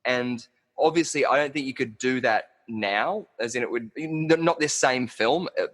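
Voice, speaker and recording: Dude chatting about a slasher flick on a podcast, casual, quick asides. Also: male voice, medium pitch, fairly bright tone, in a large hall. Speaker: podcast co-host. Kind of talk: casual film discussion podcast.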